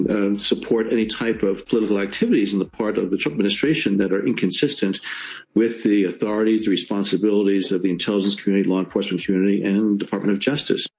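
A man answering an interview question in a deliberate way, with pauses and fillers. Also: on the low side, darkish tone, poor audio. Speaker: interview guest.

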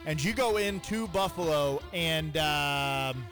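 A man hosting a sports radio show in casual, joking talk with quick asides. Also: a little high, expressive, fairly bright tone, faint music behind.

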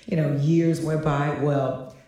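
A woman's voice: deep voice, little pitch movement, slow pace, mellow. A woman co-host reading out a chatty diary story, laughing often and acting out the people she quotes. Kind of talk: storytelling segment. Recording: roomy echo, somewhat off-mic.

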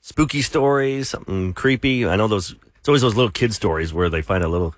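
Low-voiced man on morning radio. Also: fast, no room sound, clean studio sound. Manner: easygoing, joking. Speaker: radio show co-host. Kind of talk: casual morning radio banter.

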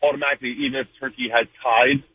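A man from New Jersey rattles along quickly as a caller on a sports radio show. His voice is very raspy and comes through a tinny phone line. He rambles and fills his pauses with "uh" and "um". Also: mid-range voice, big pitch swings. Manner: fast, rambling, with many fillers. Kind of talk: casual call-in sports chat.

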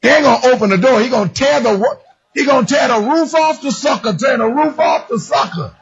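A man preaching a sermon with a raspy voice, often shouting and sliding into a singsong lilt. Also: extremely high pitch, brisk. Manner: animated, shouting, singsong emphasis. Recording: dull lo-fi recording.

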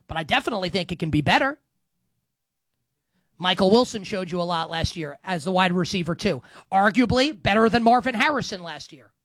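Male sports talker, wry and swinging pitch, dry close sound. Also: no echo. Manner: animated, sarcastic, breaks into sung bits. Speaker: football analyst. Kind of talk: solo sports commentary.

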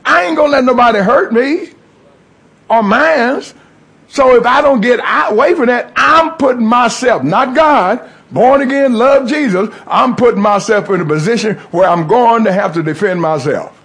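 A man's voice: very high-pitched, moderate pace, gravelly, a bit bright, slightly rough. A middle-aged man preaching a testimony sermon, calling out to the congregation. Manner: call-and-response preaching, rising and falling emphasis.

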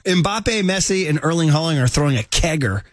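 A man hosting sports talk radio, casual and animated, full of slang, his voice jumping up when he gets worked up. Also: a little high, fairly quick, dry recording, studio quality.

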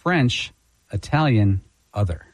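A man co-hosting a sports talk radio show, trading dry jokes and quick anecdotes. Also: on the low side, lively intonation, no echo. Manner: wry, dry one-liners. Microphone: studio microphone.

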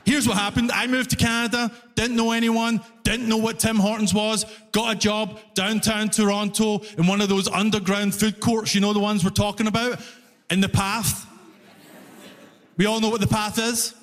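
High-voiced man doing stand-up. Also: normal speed. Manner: animated storytelling, shouted punchlines. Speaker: stand-up comedian. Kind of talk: stand-up comedy set. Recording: reverberant live room, faint ambience.

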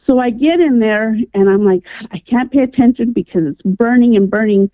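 A woman's voice: a little high, moderate pace, dry recording. Woman calling in over a tinny phone line. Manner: earnest, animated storyteller, frequent "um" and "I'm like". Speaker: radio caller. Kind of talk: telling a personal story on air. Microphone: telephone.

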